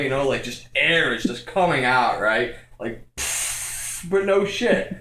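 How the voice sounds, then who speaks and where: A young man telling a comic story from his own life, building to shouts and laughter as he acts it out. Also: high voice, echoey room. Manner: animated, escalating, acts out quotes with shouts and laughter.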